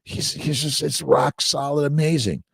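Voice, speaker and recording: A middle-aged man hosting a casual live-stream chat, reading viewer comments aloud in an upbeat, exclamatory way that swings between loud bursts and low murmurs. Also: steady tone, normal speed, creaky, breathy edge, no room sound, clean studio sound.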